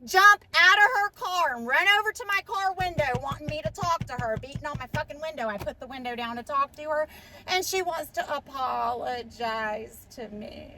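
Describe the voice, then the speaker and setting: Middle-aged woman, guest storyteller, high voice, swears freely, fired-up. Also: moderate pace, faint music behind. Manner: blunt, profane, fired-up storytelling. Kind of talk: personal storytelling in conversation.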